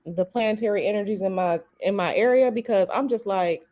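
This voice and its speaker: A woman hosting a casual live stream chat, lively and expressive, calling her guest "girl". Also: mid-range voice, a little fast. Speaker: tarot reader and live stream host.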